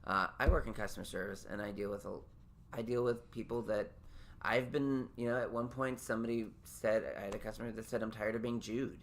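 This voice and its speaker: A man's voice: on the low side, slight background noise. A man hosting a podcast, talking casually in a rambling, candid way. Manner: rambling, self-interrupting, candid. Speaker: podcast host. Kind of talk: casual chat.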